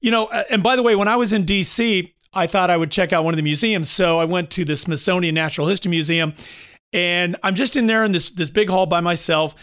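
A man in his fifties hosting a talk show, chatting casually and telling animated stories with mocking impressions of others. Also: sits high, fast talker, clean tone. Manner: animated storyteller, mimics others with mocking voices. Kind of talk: casual opinion chat.

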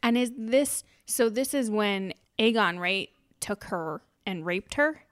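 A woman's voice: medium pitch, animated, slow pace, no room sound, studio quality. A woman in casual chat, recapping a TV episode with a friend, laughing often and acting out her reactions. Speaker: podcast co-host recapping a TV episode.

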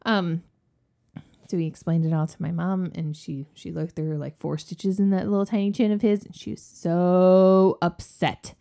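A woman's voice: lowish voice, moderate pace, gravelly. A woman cohosting a podcast, telling a family story in a casual chat and acting out the people in it. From West Virginia. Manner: lively storyteller, acts out quoted voices.

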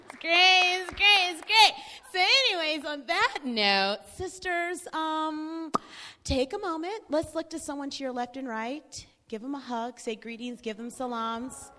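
Upbeat woman running a q&a circle, high bright voice, big echoey prayer hall. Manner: exuberant, cheering, laughing often. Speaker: discussion circle moderator. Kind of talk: casual group moderation. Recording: long hall reverb.

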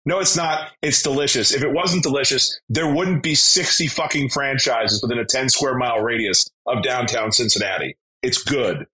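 A man co-hosting a laid-back podcast from a remote call. His voice is bright and forceful, sitting at a middling pitch. He tells stories with animated, blunt energy and swears freely. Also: normal speed, hardly any pauses, low-quality recording. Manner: animated storyteller, blunt and profane. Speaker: podcast co-host. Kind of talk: casual podcast chat.

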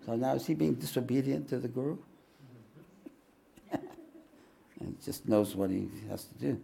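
A man with a gravelly, creaky edge to his voice reads a spiritual memoir aloud at a mid pitch. He keeps a measured, unhurried delivery. Between passages he adds calm explanatory asides in the manner of a teacher addressing his students. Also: slight background noise. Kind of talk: reading a spiritual autobiography aloud with commentary.

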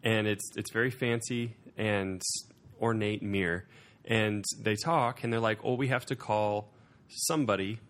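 A man's voice: fairly low pitch, steady tone, a little slow, fairly bright tone. Wry man telling a long clue. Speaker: podcast host giving clues. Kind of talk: casual banter.

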